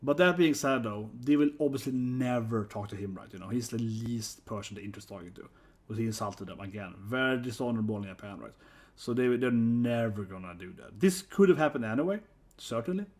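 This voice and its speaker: A man's voice: medium pitch, a little fast. A man giving a casual, rambling commentary vlog, often tagging sentences with 'right?'. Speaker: YouTube commentator.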